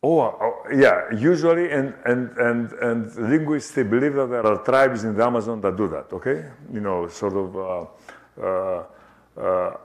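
An older man giving an academic lecture, halting with many fillers and restarts and often checking "okay?". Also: fairly low pitch. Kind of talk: academic talk. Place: lecture hall.

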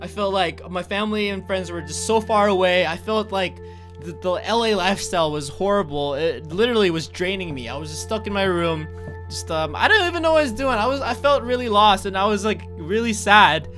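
A young man from North Carolina giving let's-play commentary, earnest and halting, often stammering and restarting his sentences. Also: high-pitched, lively intonation, fairly bright tone, soft background music. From North Carolina, USA. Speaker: gaming YouTuber.

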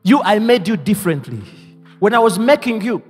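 A male pastor with a high, very lively voice preaches in call-and-response style and swings from near-whispers to loud exclamations. His voice rings out through a reverberant church hall over faint instrumental music. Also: fairly quick, breathy edge. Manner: call-and-response preaching, leading the congregation to repeat lines; swings between hushed asides and loud exclamations. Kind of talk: sermon.

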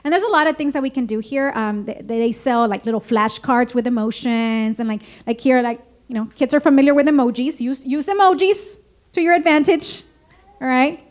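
High-voiced woman presenting to parents. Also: brisk. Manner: lively, engaging, asks the audience questions. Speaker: parenting workshop speaker. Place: school meeting room with audience.

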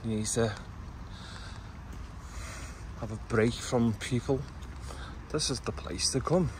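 Outdoors on city streets, a man with a Liverpool accent gives a vlogger's walking tour commentary that's chatty and blunt. He speaks slowly in a mid-range voice, with street traffic noise behind him.

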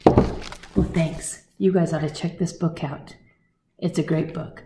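A woman recommending a picture book to children, talking straight to them in an animated way. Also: deep voice, slow, long pauses, roomy sound. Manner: animated, talks straight to kids.

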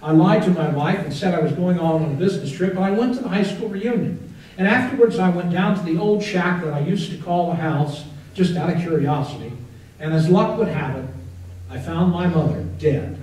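A man preaching a sermon as a pastor, telling a story in an earnest way and dropping to a hushed prayer. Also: fairly high pitch, fairly quick, distant mic. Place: church sanctuary. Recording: very echoey church from off-mic.

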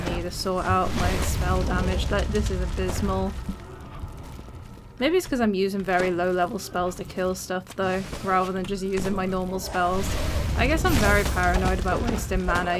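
A woman's voice: medium pitch, very noisy. Chatty woman commentating a game. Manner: chatty, giggly, self-mocking. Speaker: let's play host. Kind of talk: casual gameplay commentary.

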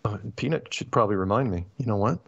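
Male host with a lively, ranting delivery, dry and slightly muffled stream audio. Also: lowish voice, vocal fry, no echo. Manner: animated, ranting, quick asides and restarts. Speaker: podcast host. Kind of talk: casual chat.

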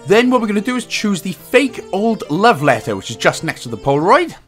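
A man narrating a game walkthrough, joking around and slipping into silly high voices. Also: big pitch swings, a little fast, fairly bright tone. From Wales. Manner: bursts into silly high-pitched voices and laughs at own jokes. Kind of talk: jokey game walkthrough commentary. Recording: faint game music underneath.

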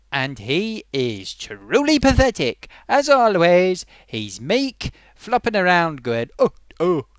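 A comic reviewer pours scorn on a film, rambling and knotting up his own sentences as he goes. The voice leaps up and down in pitch with lots of animation, and the sound is dry and close. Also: fairly bright tone, no room sound. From Britain. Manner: scornful, rambling, with self-tangling asides.

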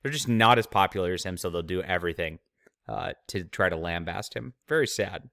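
A man's voice: low voice, a little fast, vocal fry, a bit bright, no echo, studio quality. A man hosting his own channel, giving opinionated commentary with sneering, mocking asides. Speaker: channel host, author.

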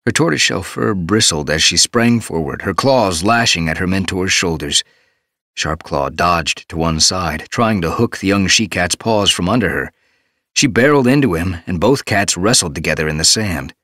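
Deep-voiced male audiobook narrator. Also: no room sound. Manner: steady, measured storytelling. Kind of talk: scripted narration. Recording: dry studio booth.

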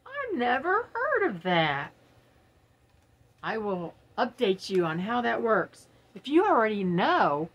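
Slow-talking woman with a husky, gravelly voice; chatty home unboxing host. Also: on the high side, wildly swooping pitch, a bit bright. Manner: chatty, giggly, talks straight to viewers. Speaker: unboxing vlogger. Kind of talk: casual unboxing chat. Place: home, early morning.

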